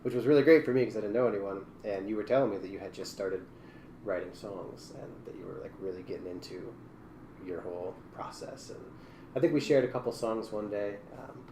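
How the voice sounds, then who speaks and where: A man hosting a podcast, chatting in a relaxed, friendly way with fillers, recorded in an echoey room. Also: lowish voice, fairly quick, recorded from a distance. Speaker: podcast host. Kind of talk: casual interview chat. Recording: echoey room, faint noise.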